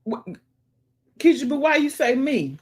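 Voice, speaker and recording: A woman hosting a live stream, reading viewer comments aloud in a casual, exclamatory way, with folksy sayings, humming, and whispered asides. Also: sits high. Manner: animated and exclamatory, dropping into murmured asides and whispers; folksy sayings and drawn-out hums.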